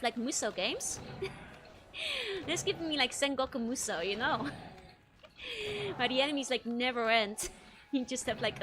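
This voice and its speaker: Giggly Dutch-accented woman streamer. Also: sits high. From Netherlands. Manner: giggly, laughs often between sentences. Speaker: VTuber streamer. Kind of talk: casual gameplay chat with chat readers.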